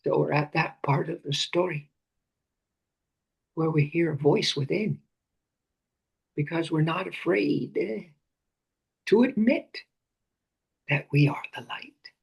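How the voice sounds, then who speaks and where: A man leading a guided meditation, speaking slowly and often sinking into breathy whispers, repeating phrases and names softly. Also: on the high side. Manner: slow, drifting into breathy whispers. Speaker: meditation teacher.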